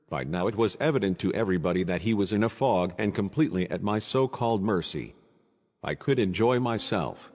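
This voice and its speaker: A man narrating a literary audiobook in a measured, ironic manner. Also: fairly low pitch, expressive, a little mellow, in a large hall.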